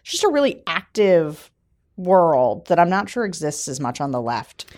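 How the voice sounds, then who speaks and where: A woman co-hosting a podcast in casual political chat, animated and laughing often. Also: fairly low pitch, moderate pace. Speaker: podcast co-host.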